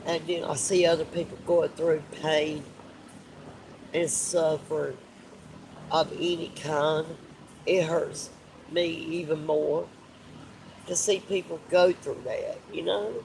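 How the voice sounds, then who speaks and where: Tearful man, slow and gravelly. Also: on the high side, noisy background. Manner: tearful, heartfelt, repeats himself. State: crying. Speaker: live streamer. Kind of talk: emotional live stream talk.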